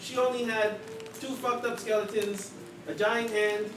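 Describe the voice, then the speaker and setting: A man's voice: high-pitched, flat delivery, measured pace. A young man casually recapping a tabletop game session, rambling and joking with many fillers, picked up from a distant mic. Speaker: player. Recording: distant, echoey, noisy room.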